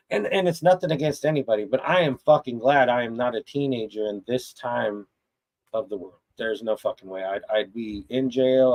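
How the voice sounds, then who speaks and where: A man's voice: medium pitch, darkish tone, poor audio. A middle-aged man hosting a live chat stream, talking bluntly and profanely in a rambling, casual rant full of restarts.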